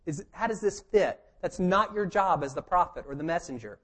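A man's voice: high-pitched, expressive, normal speed. A man preaching a conversational sermon, joking and emphatic as he teaches. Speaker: pastor.

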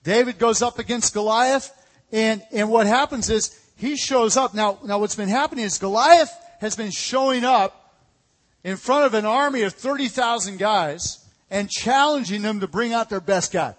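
A male pastor preaching a lively, conversational sermon, calling out to the congregation. His voice is high for a man. It rings with a long echo in a church hall. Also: normal speed. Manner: energetic, conversational preaching with call-outs. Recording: echoey hall.

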